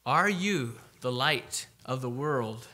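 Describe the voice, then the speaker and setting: Guy preaching at church, really bright voice, emphatic, reads verses slow. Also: medium pitch, lively intonation. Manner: emphatic, reads scripture aloud slowly. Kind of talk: sermon.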